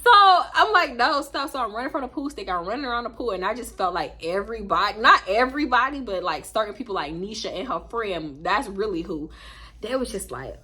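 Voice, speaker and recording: A young woman with a Southern US accent rattles through a storytime vlog at a rapid clip. Her voice is bright and a little husky, and she jumps up high and squeaky whenever she acts out what people said. She talks casually and swears freely. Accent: Southern US, Houston. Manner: animated, profane, acts out quotes in a squeaky high voice. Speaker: storytime YouTuber.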